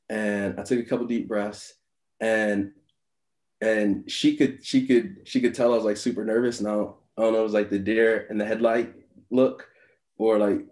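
A man's voice: on the low side, steady tone, darkish tone. Rambling man telling a story, echoey room. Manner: halting, full of "like" fillers and restarts, laughs often. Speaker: meditation teacher. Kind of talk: personal storytelling in a dharma talk.

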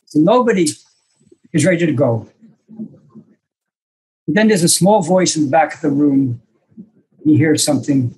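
Older man, senior disciple, husky and slightly high, hesitant storyteller on a video call. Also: normal speed, long pauses, darkish tone, poor audio. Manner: reflective, self-deprecating, hesitant with fillers. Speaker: senior disciple telling stories. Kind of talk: storytelling to a small online group.

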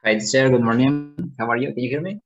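Brief: man on a video call, quick and polite, slightly muffled lo-fi audio. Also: mid-range voice. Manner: quick and polite, repeats thanks. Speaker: teacher.

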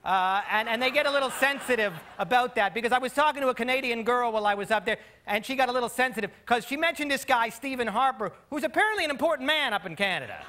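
A man's voice: very high voice, expressive, quick pace, hardly any pauses, sharp tone. A man doing a stand-up comedy routine in a dry, conversational way, with rambling asides to the crowd. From United States. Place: comedy club stage. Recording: live club recording with audience noise.

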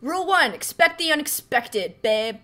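A woman's voice: high-pitched, lively intonation, moderate pace, very noisy. A woman hosting a game playthrough, playful and goofy in her commentary. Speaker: gaming video host. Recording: voice over game music.

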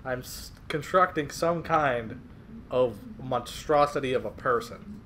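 A young man doing casual let's-play commentary on a horror game, reacting excitably and swearing a lot. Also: mid-range voice, a little slow, slight background noise. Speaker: gaming video host.

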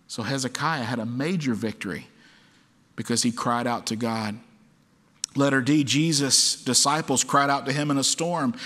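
Male pastor, mid-pitched voice, preaching in a church with long reverb, dramatic delivery. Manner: dramatic, acts out quoted cries loudly. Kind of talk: sermon. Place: church sanctuary.

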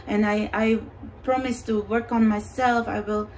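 A woman voicing a remorseful, tender male twin flame who apologizes and makes soft, slow vows. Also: medium pitch, flat delivery, distant mic, a little hiss or hum, natural voice, poor audio.

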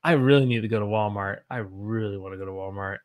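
The sound is phone-quality, and the man's voice is on the low side and fast. He's from the Southern United States, teaching English on a live stream, upbeat and playful as he reads chat aloud in silly voices.

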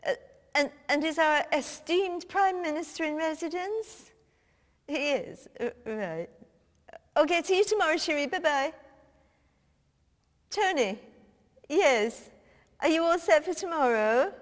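A woman's voice: sits high, animated, unhurried, pauses often. A woman playing a brash, cheeky minister. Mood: breezy. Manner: blunt and swearing, breezy phone chatter. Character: brash, cheeky middle-aged female cabinet minister. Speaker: comedian. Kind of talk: comic phone-call sketch. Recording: long hall reverb.

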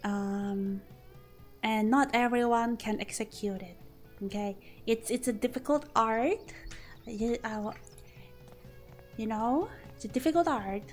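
A woman's voice: fairly high pitch, slow pace, pauses often, soft background music. A young woman streamer chatting playfully as she plays, rambling and joking at herself. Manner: playful, rambling, self-mocking. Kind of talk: casual game-stream chat.

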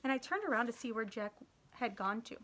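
A woman teacher reading a children's novel aloud in a steady, gentle narrating voice. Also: on the high side, brisk. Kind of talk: read-aloud storytelling.

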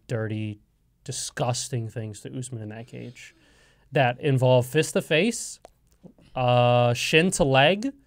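A man co-hosting a college radio sports show, talking in a casual, joking and opinionated way, making firm predictions. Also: mid-range voice. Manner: animated, joking, speaks in absolutes. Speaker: co-host.

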